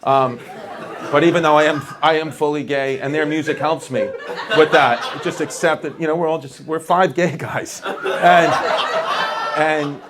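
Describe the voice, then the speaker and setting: A man's voice: on the high side, steady tone, a little slow, very noisy. A male stand-up comedian doing rambling, self-mocking crowd work on a club stage. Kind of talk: stand-up set. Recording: audience laughter throughout.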